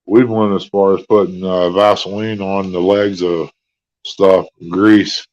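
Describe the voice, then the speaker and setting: A man's voice: sits low, flat delivery, a little mellow. Drawling man on lo-fi audio. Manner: drawling, folksy and unhurried. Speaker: live stream host. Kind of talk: casual chat. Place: hospital room.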